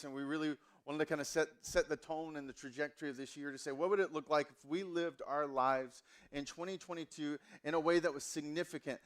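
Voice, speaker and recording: A Southern US pastor in his forties preaches a sermon in a casual, chatty, self-mocking style full of ums. His voice is fairly high and a bit bright.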